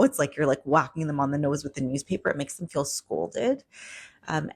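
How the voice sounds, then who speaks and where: A woman's voice: fairly low pitch, slightly rough, no echo. A woman couples counselor talking straight to her viewers in a casual, conversational way, acting out quoted lines from partners. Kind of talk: direct-to-camera explainer.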